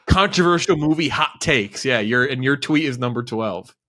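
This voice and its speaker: Man, bright voice, casual podcast co-host, rambling, laughing. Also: medium pitch, lively intonation, moderate pace. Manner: rambling, self-correcting, laughs often. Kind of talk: casual movie podcast chat.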